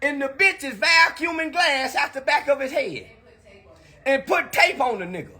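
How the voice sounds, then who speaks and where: A man on a phone livestream delivering a loud, crude, animated comedic rant, laughing often. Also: very high voice, normal speed. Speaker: livestream commentator.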